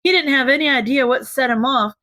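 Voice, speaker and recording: A woman narrating a fan fiction audiobook in a measured, gentle way. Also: high voice, no echo. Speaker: audiobook reader.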